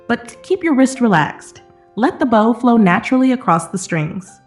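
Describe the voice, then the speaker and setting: A woman voicing a fragile young violin teacher with a soft, trembling voice. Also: a little high, slow, faint music behind, pitched above the performer's own voice, exaggerated voice. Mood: gentle. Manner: trembling, pleading; calm and patient when teaching.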